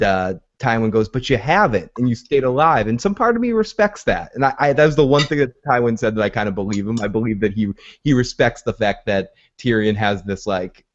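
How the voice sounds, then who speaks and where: A man co-hosting a casual podcast recap, chatty and full of filler words, retelling scenes in quoted voices. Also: medium pitch. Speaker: podcast co-host. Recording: dull lo-fi podcast audio.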